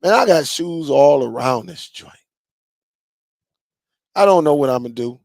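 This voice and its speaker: A man's voice: fairly high pitch, expressive, measured pace, darkish tone, dry recording. A man hosting a casual live stream, reading viewer comments and bantering with loose, laughing slang.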